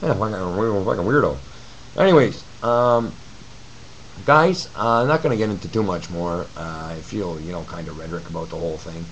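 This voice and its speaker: A man's voice: low-pitched, normal speed, dull audio, slight background noise. Profane rambling man on camcorder. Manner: profane, blunt and rambling, addresses viewers as guys. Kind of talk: ranting webcam video reply. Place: his apartment. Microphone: camcorder mic.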